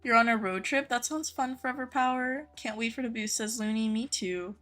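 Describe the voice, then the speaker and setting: A woman's voice: on the high side, brisk, fairly bright tone, faint music behind. A young woman live-streaming a game from her home office, reading viewer comments aloud and greeting chatters by name in a friendly, chatty way.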